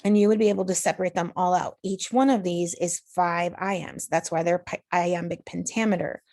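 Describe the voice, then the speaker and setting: A woman's voice: lowish voice, steady tone, moderate pace, darkish tone, dry recording, clean studio sound. A woman teacher patiently talking students through a recorded online lesson, step by step. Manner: patient, explanatory, talks students through steps.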